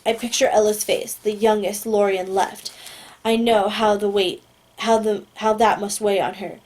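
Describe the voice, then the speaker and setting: A woman reading a first-person novel aloud at a steady pace, sometimes stumbling and correcting herself. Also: medium pitch, a little slow. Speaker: audiobook reader.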